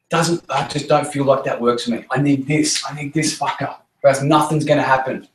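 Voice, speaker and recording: A man leads a motivational talk for his team, blunt and punchy, swearing freely and repeating his key lines. His voice sits at an ordinary middle pitch for a man. The room gives it a noticeable echo. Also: steady tone, fairly quick, few pauses. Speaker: network marketing team leader. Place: meeting room with a group. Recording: roomy echo.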